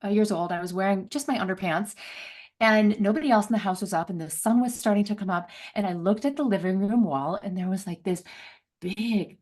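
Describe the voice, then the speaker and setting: A middle-aged woman telling a personal story as an interview guest, laughing often and acting out voices with big jumps in pitch. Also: brisk, darkish tone. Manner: laughs often, many fillers.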